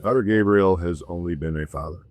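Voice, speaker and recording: Tabletop player, man, very deep voice, calm and measured. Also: no room sound, soft background music. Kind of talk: playing a tabletop game.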